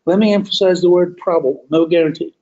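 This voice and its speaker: A man hosting a podcast, telling a history story as a deliberate, emphatic monologue that stretches key words. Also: sits high, fairly even intonation, mellow, muffled recording. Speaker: podcast host.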